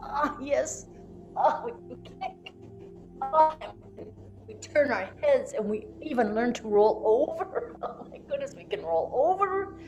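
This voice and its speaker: Woman playing a tiny wondering newborn. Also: mid-range voice. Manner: soft, breathy, halting baby talk with sighs and whispers. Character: newborn baby, wondering, easily upset and soothed. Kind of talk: guided meditation role-play.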